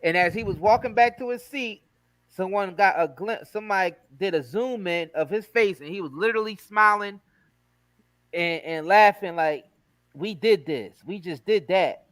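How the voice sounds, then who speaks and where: High-voiced emphatic man chatting. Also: moderate pace, no room sound, poor audio. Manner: animated, emphatic, slangy. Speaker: host. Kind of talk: casual chat.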